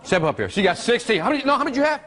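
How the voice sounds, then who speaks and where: A male workshop presenter teaching a live seminar, energetic and constantly quizzing his audience with questions. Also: extremely high pitch, rapid-fire.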